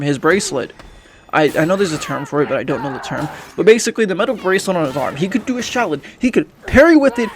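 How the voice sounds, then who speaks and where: A man's voice: high voice, fairly bright tone. A young man giving frustrated, profane game commentary as a YouTuber, often restarting his sentences. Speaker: gaming YouTuber.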